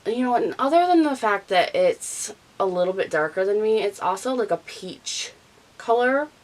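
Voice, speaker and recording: A woman's voice: medium pitch, expressive, moderate pace, poor audio. A woman in her thirties, chatty and rambling, talking through her makeup routine with a nasal, stuffy voice from allergies. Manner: chatty, rambling, talks while applying makeup. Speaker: beauty vlogger. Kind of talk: casual chat.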